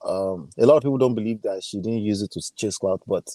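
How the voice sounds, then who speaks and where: A Nigerian man hosting a casual chat, chatty and quick to laugh, slipping into his home language now and then. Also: on the low side, mellow, dry recording. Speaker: host.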